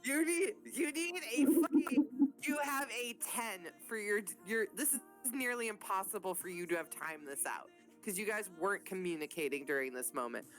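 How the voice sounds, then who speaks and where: A woman's voice: mid-range voice, expressive, normal speed. Woman gm running a tabletop game, swears a lot, laughs a bunch, faint music behind. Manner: casual, profane, laughing often. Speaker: game master.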